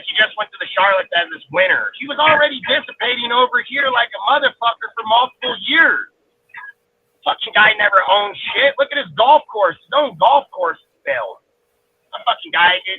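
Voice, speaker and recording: A man's voice: high voice, breathy edge. A man on a sports podcast panel who argues back combatively and curses freely. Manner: combative, profane, dismissive. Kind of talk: argumentative sports talk. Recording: tinny phone-like line.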